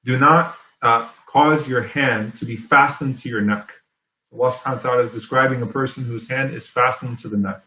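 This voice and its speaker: A man giving an Islamic sermon in a conversational, explanatory way, often checking in with "okay?" and "right?" and reciting Arabic verses quickly. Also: mid-range voice, steady tone, bright, forceful tone, echoey room, poor audio. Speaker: Islamic preacher. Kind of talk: sermon lecture.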